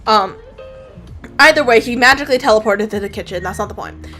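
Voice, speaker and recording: Woman comic artist, casual story recap while drawing, somewhat high voice, rambling, faint music under her. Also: a little fast, bright, forceful tone. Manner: rambling, full of fillers and casual swearing.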